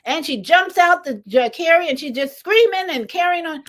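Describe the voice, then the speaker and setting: Animated older woman telling a story. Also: extremely high pitch, moderate pace. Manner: animated, lively storytelling with sudden rises and drops. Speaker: spiritual teacher leading meditation. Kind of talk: storytelling talk.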